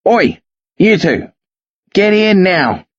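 A gruff, hungover country police sergeant voiced by a male narrator tears into two kids in a hoarse, raised bark. The voice sits high and husky as it rises in anger. It comes from a dry, somewhat dull audiobook recording. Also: expressive, normal speed, dry recording. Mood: commanding. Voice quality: hoarse, barking. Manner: berating, threatening, voice rising steadily.

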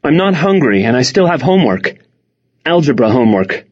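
A man's voice: mid-range voice, sing-song, fairly quick. A man doing a sullen teenage girl. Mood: tense. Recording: dull lo-fi recording.

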